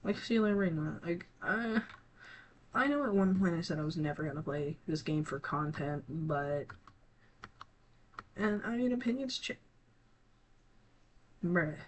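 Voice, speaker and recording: A teenage gaming creator talking casually to viewers, halting and scattered, with many restarts and trailing thoughts. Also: mid-range voice, lively intonation, slight background noise. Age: teens. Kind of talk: casual rambling talk to viewers.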